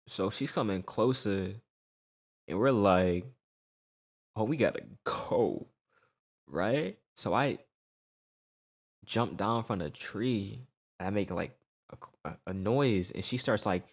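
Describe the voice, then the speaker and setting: A young man spins a casual storytime in loose slang, tossing "right?" after nearly every beat. His voice sits low and gravelly, and he takes his time. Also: slow, pauses often. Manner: slangy, animated retelling with frequent "right?" tags.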